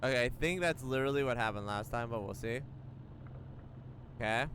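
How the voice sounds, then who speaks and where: Streaming a game, a young man with a medium-pitched voice reads the in-game story at a fairly quick clip, stumbling through lines and laughing a lot. He sounds lively, and slight background noise joins the loud game music behind him.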